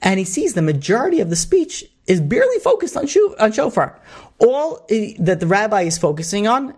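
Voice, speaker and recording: Rabbi telling a story. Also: male voice, high-pitched, sing-song, fairly quick, darkish tone, slightly rough. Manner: rambling, many asides and restarts. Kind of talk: storytelling sermon.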